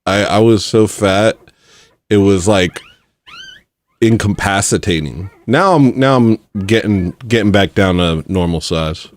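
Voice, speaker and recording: A man's voice: on the low side, measured pace. A man hosting a live chat, laid-back, laughing easily and trading dry remarks. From Alaska. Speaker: livestream host. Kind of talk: casual chat.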